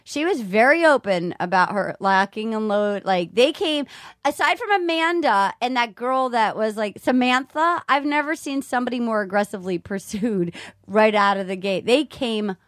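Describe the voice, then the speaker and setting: A woman hosting a podcast, gossiping in a rambling, animated way with many restarts. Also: a little high, normal speed, dry recording, clean studio sound. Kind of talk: casual chat.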